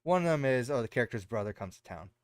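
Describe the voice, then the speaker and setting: A man's voice: mid-range voice, expressive, quick pace, dry recording, studio quality. A man co-hosting a podcast, casually recapping a show in a rambling way with lots of fillers. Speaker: podcast co-host.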